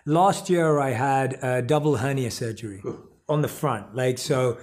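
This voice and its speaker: A man's voice: mid-range voice, measured pace, a little mellow. A man hosting a podcast, speaking in casual conversation and reflecting on his own story, with many fillers and restarts. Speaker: podcast host.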